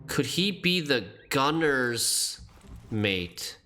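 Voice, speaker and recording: A man's voice: medium pitch, sing-song, drawn-out words, pushed and bright, soft background music. A man streaming a game, thinking aloud as he works through a puzzle and questions himself.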